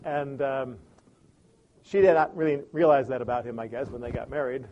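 A man's voice: medium pitch, steady tone, normal speed, dull audio, slight background noise. A man giving a lesson on listening in a conversational way, telling stories and acting out the people in them. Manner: conversational, acts out quoted people. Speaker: teacher on listening. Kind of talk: lecture with anecdotes.

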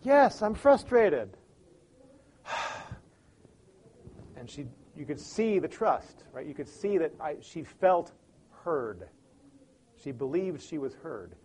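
A man's voice: on the high side, sing-song, unhurried, warm tone, breathy edge. A man giving a lesson on listening in a conversational way, telling stories and acting out the people in them. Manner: conversational, acts out quoted people. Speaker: teacher on listening. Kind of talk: lecture with anecdotes.

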